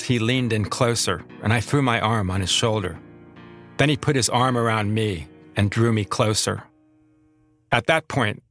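A man narrating his own memoir as a podcast host, reflective and measured. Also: lowish voice, fairly bright tone.

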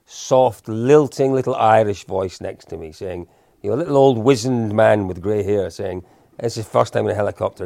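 A man in his fifties, a guest in an interview, telling anecdotes in a relaxed, self-deprecating way. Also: fairly low pitch, creaky, no echo, clean studio sound. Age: 50s. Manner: anecdotal, self-deprecating, with frequent restarts and chuckles. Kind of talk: casual storytelling in an interview.

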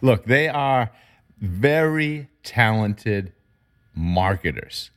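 A man discussing marketing in an emphatic, animated way, his pitch jumping up when he makes a point. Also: very slow. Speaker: marketing commentator. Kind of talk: conversational discussion.

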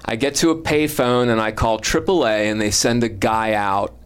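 A man's voice: fairly low pitch, fairly even intonation, moderate pace, smooth. A man, a stand-up comedian, telling a rambling story in casual podcast chat, full of uhs and restarts.

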